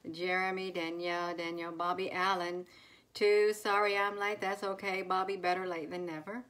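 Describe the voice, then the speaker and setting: Woman doing a slow chatty live stream, says hi to everyone by name, lots of ums. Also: lowish voice, fairly bright tone. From United States. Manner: greets viewers by name, slow, with fillers. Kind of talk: casual live stream chat. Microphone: phone.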